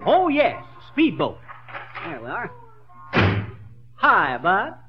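A bumbling braggart who has just come into money, in a 1940s radio comedy. His voice is high and swoops around. He blusters and stammers through a dull old broadcast recording. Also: slow, faint music behind, exaggerated voice. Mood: flustered. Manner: blustering, stammering, lively swings. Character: boastful newly rich middle-aged man, bumbling.

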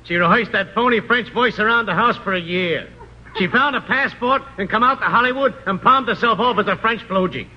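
A man's voice: high voice, a little fast. An actor playing a crude, slangy Brooklyn father who blackmails his daughter, in 1940s radio comedy. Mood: gruff. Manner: gruff, slangy, pushy. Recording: muffled old radio recording with hiss.

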